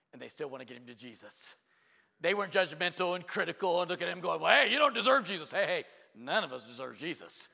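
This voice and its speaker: Animated preaching man in a reverberant hall. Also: mid-range voice, creaky. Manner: animated preaching with quick asides, rhetorical questions and hushed drops. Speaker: pastor. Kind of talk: sermon. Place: church sanctuary. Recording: long reverb of a large hall.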